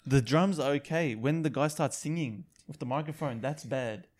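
A man's voice: medium pitch, normal speed, darkish tone. A young man chatting with friends, telling jokey stories and doing silly voices. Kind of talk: casual chat.

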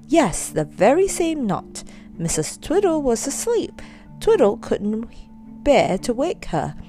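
A woman reading a children's story aloud, expressive and storytelling. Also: fairly high pitch, takes it slowly, faint music behind.

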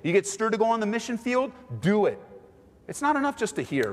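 A man preaching a sermon as pastor, animated and fond of acting out what people say. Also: high voice, brisk, big-room sound. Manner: animated, acts out quoted voices. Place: church sanctuary.

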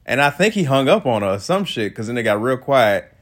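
Man, solo host, profane casual rant, lively pitch, middle-pitched voice. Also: brisk. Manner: animated, laughing, sarcastic asides.

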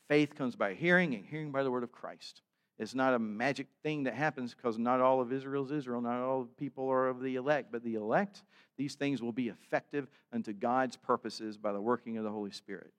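A male pastor preaching a sermon, reading scripture aloud and rising to fervent emphasis. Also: mid-range voice.

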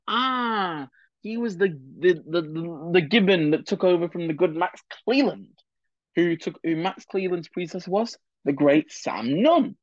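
A man's voice: sits high, expressive, unhurried, dry recording, dull audio. A man hosting a solo political history podcast, chatty and opinionated, with many digressions and asides. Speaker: podcast host.

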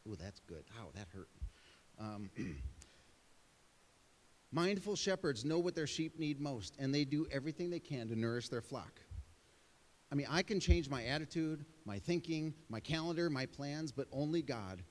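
A man's voice: on the high side, normal speed, big-room sound. A middle-aged man preaching a sermon as pastor, telling stories with self-deprecating asides.

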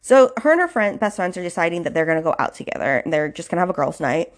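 A woman with a lowish voice talks fast, with big swings in pitch, as she hosts a podcast. She chattily retells a novel's plot, leaning on fillers like "like" and "you know" and adding indignant asides.

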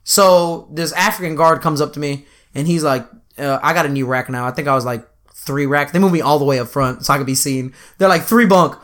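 A man with a fairly high, bright and forceful voice tells a rowdy story in casual chat, swearing freely and breaking into laughter often. His delivery is animated and loose, like a guest spinning a yarn on a talk show. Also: fairly quick.

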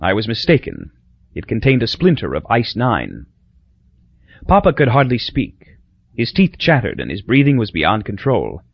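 Man, audiobook narration, expressive, wide-ranging pitch, muffled lo-fi sound. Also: moderate pace, slightly rough, no room sound. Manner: expressive, storytelling. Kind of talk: scripted narration. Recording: dull dry lo-fi recording.

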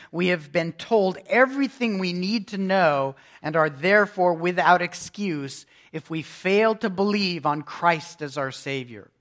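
A man pastor preaching a sermon, emphatic, with loudness that swells and drops. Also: high-pitched.

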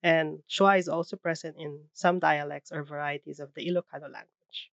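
A woman's voice: sits low, steady tone, normal speed, vocal fry, no echo, muffled recording. A woman giving a classroom presentation on phonetics, explaining carefully with frequent fillers.

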